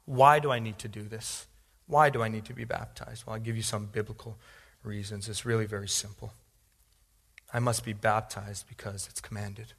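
A male pastor preaching a sermon, repeating phrases and building from calm teaching to loud, pleading appeals. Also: fairly low pitch, moderate pace, vocal fry, husky, big-room sound.

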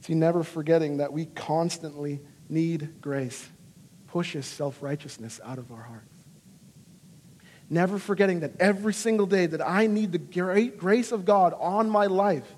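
High-voiced male pastor preaching in a hall. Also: measured pace. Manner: earnest, animated preaching with dramatic quoted voices. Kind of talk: sermon.

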